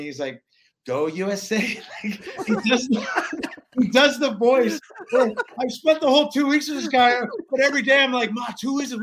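A man in his forties, a former pro hockey player from Alaska, telling stories in a rambling, animated way with many restarts. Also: very high-pitched, slight background noise. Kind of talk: casual storytelling interview.

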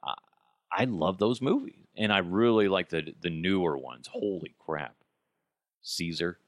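A man giving a profane comedic rant about the news, sarcastic and animated, jumping into high mocking voices. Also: measured pace, dry recording. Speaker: comedic commentary host.

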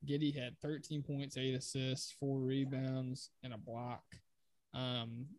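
A man co-hosting a casual sports podcast, leading the talk in a relaxed conversational way and reciting game stats. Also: mid-range voice, slow pace, no room sound. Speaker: podcast co-host.

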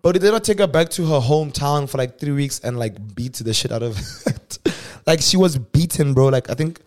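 A young South African man hosting a show, telling a personal story casually and swinging from hushed asides to loud exclamations. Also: medium pitch, lively intonation, normal speed. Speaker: podcast host.

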